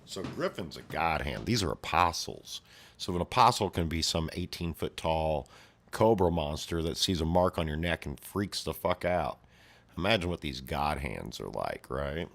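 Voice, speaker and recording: A man's voice: a bass voice, animated, moderate pace, vocal fry, fairly bright tone. A man casually reading a comic aloud and commenting, laid-back with mumbled asides. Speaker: video host reading a comic.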